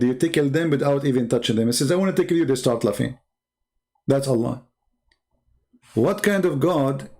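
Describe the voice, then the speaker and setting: A man's voice: mid-range voice, darkish tone. A man arguing in a debate, firing mocking rhetorical questions in English with non-native grammar. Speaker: Christian debater. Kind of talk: argumentative debate talk.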